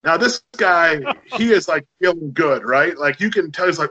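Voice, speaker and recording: A middle-aged man with a slightly high, bright voice speaks at normal speed in a forceful tone with a breathy edge, recorded on dull audio. As a podcast guest, he tells rambling, anecdotal stories in casual conversation, chatty and full of fillers.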